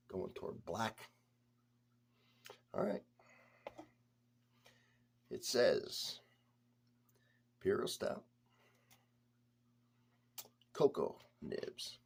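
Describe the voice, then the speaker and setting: Man, beer reviewer on a casual vlog: low, husky voice, chatty, blunt, talks straight to camera. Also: a little mellow.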